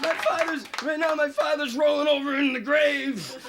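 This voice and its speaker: A squeaky, stammering, nervous amateur comic. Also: male voice, normal speed. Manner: stammering, restarting, telling flat jokes. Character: nervous awkward male amateur comedian. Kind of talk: 1980s late-night TV comedy bit. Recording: old TV studio tape with loud audience laughter and noise.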